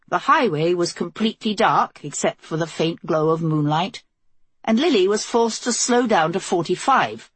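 A woman narrating a novel as an audiobook in a steady, measured storytelling voice, recorded close to the mic. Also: on the low side, breathy edge, no echo. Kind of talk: scripted narration.

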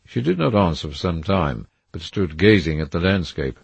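A male narrator reads a classic novel with expressive, measured storytelling. His voice is gravelly and a little husky, with a lively, rising and falling melody, and the recording is close and dry. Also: low-pitched, dry recording. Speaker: audiobook reader. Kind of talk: scripted narration.

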